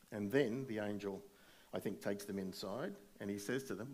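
A male pastor preaching a sermon, retelling a scripture story with animated, speculative asides. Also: fairly low pitch, moderate pace.

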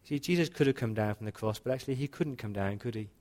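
A man preaching a sermon in a church, earnest, slowing into quiet dramatic pauses. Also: medium pitch. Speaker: pastor.

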